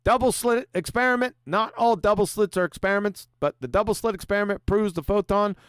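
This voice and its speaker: A man's voice: high voice, fairly quick, fairly bright tone, smooth, no room sound, studio quality. A man hosting a livestream, mocking his opponent with profanity and reading super chats aloud with frequent laughs. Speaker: livestream host.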